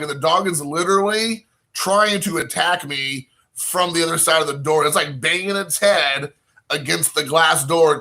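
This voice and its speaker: A young man spins a long personal story in a loose, rambling way, with "like" in nearly every sentence. His voice sits a touch high and rings very bright and sharp, and he slips into quoted dialogue as he goes. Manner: rambling, heavy use of "like" fillers, quoting himself and others. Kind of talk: casual anecdote storytelling.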